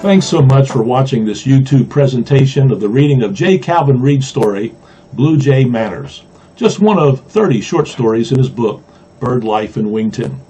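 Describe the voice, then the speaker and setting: A man from Mississippi, a pastor, reading a children's storybook aloud with gentle humor, in a dull lo-fi recording. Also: mid-range voice, expressive, normal speed, a little hiss or hum. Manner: gently humorous, chuckling at the jokes.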